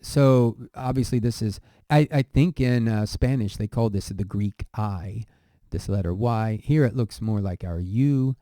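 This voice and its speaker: Slow dark-voiced man teaching. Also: lowish voice, no room sound, clean studio sound. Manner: slow, hesitant, with fillers and self-corrections. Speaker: language teacher. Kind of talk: lesson on pronunciation.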